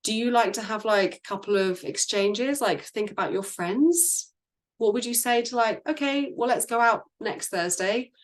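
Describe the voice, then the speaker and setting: A woman's voice: on the high side, normal speed. A woman business and sales coach talking casually in a group discussion, chatty, laughing often and acting out quoted lines.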